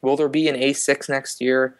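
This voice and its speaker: A man appears as a guest blogger on a casual tech podcast at a middle pitch. His delivery is flat, with a narrow range. He talks matter-of-factly and leans on filler phrases. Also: normal speed. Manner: even, matter-of-fact, filler-heavy.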